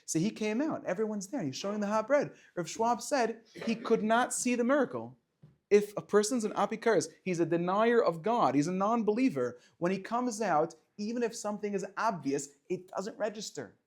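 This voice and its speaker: A man teaching a lively Torah class to students, firing rhetorical questions and dropping to quiet explanation. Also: high voice, normal speed. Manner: animated, swings between loud questions and quiet explaining, chats with students.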